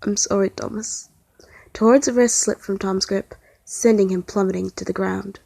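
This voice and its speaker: A woman's voice: mid-range voice, steady tone, moderate pace, creaky, dark tone, dry recording. Woman narrating a fan story. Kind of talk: fan fiction read-aloud.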